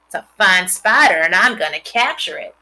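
A woman voicing a mischievous young boy in a storybook reading, loud and eager. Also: mid-range voice, expressive, normal speed. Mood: bold.

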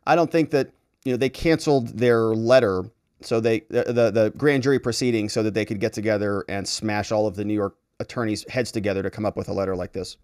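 A man's voice: on the low side, steady tone, a little fast, a little mellow, clear, resonant tone, no room sound, clean studio sound. A man, a lawyer, giving sarcastic solo commentary as he reads a letter aloud and mocks the officials who wrote it in exaggerated voices. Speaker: lawyer and political commentary host.

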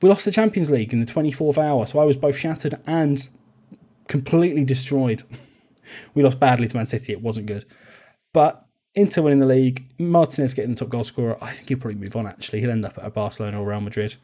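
A man's voice: mid-range voice, fast talker, warm tone. A young man giving chatty, jokey commentary on a football management game, often laughing. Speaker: video game YouTuber. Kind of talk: casual gameplay commentary.

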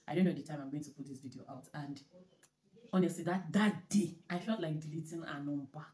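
A woman hosting her own vlog, telling stories in animated casual chat with frequent laughter. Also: low voice, brisk. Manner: animated storytelling, laughing often. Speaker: vlogger host. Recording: echoey room.

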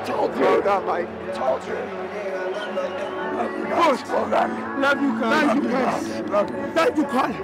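A man working a boxing corner, shouting high, urgent commands to his fighter. His speech is slow and clipped, his voice is wearing hoarse, and a loud crowd and thumping music fill the arena behind him. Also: expressive. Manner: urgent, barked short commands, repeated yells of encouragement. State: voice going hoarse. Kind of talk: ringside corner coaching. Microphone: clip-on mic on the trainer.

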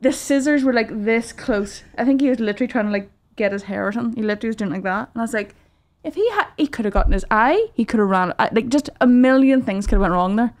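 A woman, a podcast guest telling animated stories in casual chat. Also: a little high. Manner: fast, animated storytelling about her toddler.

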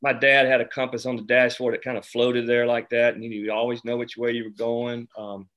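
A man's voice: mid-range voice, little pitch movement, fairly quick, a bit bright. A man from South Carolina, an author talking casually about his writing, wandering through restarts and fillers. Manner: rambling, lots of restarts and "you know". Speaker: author discussing his novel. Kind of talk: casual conversation.

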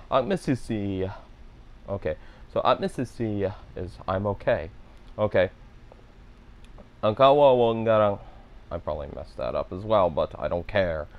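A man works through practice phrases on his own, repeating them and musing aloud about where he went wrong. He is self-deprecating, and his voice sits low. The recording sounds dull and lo-fi. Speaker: language learner and video host. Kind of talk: self-narrated practice session.

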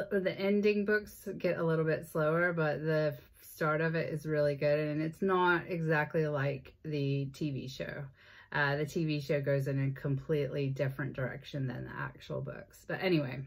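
Woman, low voice, chatty, enthusiastic, book vlog. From American South. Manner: chatty and enthusiastic, many ums and restarts. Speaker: book vlogger. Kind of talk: casual chat to camera.

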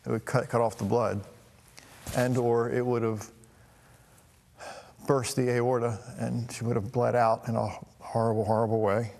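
A middle-aged man tells a personal story, stopping and restarting as emotion catches him. His voice has a gravelly edge, and it carries a long reverb, as if recorded in a hall. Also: mid-range voice, a little mellow. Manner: halting, emotional, many restarts. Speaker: talk show host.

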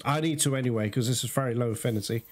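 A man giving casual gameplay commentary, talking straight to his viewers and quickly cursing when things go wrong. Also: mid-range voice, slight background noise. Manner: talks straight to viewers, quick to curse in frustration. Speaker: gaming video host.

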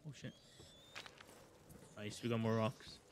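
A man streaming a video game live, excitable, swearing a lot and joking with chat. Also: lowish voice, slow pace, smooth. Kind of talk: live gameplay commentary.

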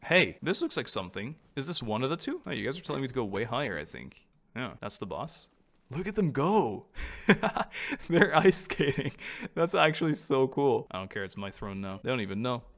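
A man's voice: medium pitch, sing-song, moderate pace, fairly bright tone. A man giving casual, chatty commentary on his gameplay, joking and laughing often. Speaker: gaming streamer.

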